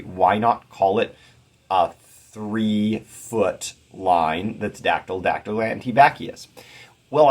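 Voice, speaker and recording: A man with a deep, low voice that carries a husky grain explains poetic meter in a calm, measured way. He reads verse aloud and breaks into chanted da-da syllables to mark each beat. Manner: thoughtful, measured explanation with occasional fillers. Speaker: poetry teacher. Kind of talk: explanatory lecture.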